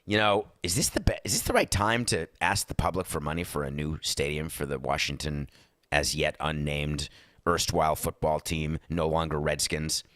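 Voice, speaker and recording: A man voicing a scheming team-owner man murmuring questions in bed in a low, hushed way. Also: moderate pace, no echo, studio quality.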